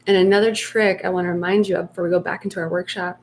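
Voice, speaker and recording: A woman giving spiritual coaching on a live stream, speaking softly and slowly and sometimes voicing inner fears in a hushed tone. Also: lowish voice, level tone, a little hiss or hum. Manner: soft, slow and reflective, acting out inner voices in hushed tones. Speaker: meditation coach.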